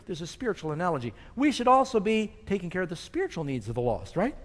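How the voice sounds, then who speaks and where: A man's voice: high-pitched, sing-song, fast talker, few pauses. A man preaching a sermon with emphatic delivery, quoting scripture and asking the congregation questions. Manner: emphatic, rising and falling with scripture quotes, asks the audience questions. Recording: long hall reverb.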